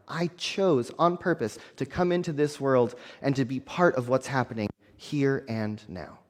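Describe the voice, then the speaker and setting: Earnest male minister in a reverberant hall. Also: fairly high pitch. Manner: earnest, repeats phrases for emphasis. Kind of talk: sermon.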